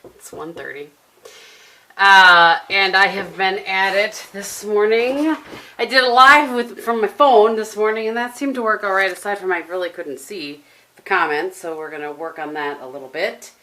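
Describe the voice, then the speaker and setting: A woman's voice: medium pitch, moderate pace, pushed and bright. A middle-aged woman chatting casually to her camera at home, rambling through stories and laughing often. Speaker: vlogger. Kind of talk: casual vlog chat to camera. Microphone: camera propped on a tissue box.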